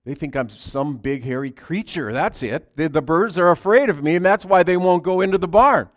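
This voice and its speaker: A man telling a Christmas Eve story as a preacher, in a soft, halting way that drops to a hush. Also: a little high.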